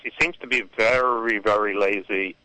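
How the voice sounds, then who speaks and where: Middle-aged male caller, halting delivery, bright and forceful tone. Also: on the low side, steady tone, dry recording, poor audio. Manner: hesitant, halting, restarts. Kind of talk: call-in radio conversation. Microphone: phone.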